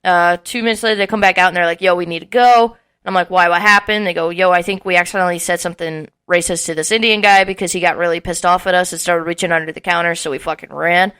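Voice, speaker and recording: A young woman in her twenties tells a rowdy story on a casual podcast. Her voice is bright and clear, and she acts out what people said with a lot of swearing. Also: fairly low pitch, fast talker, hardly any pauses. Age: early 20s. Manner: animated, swearing often, acting out quotes with laughs. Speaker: podcast co-host.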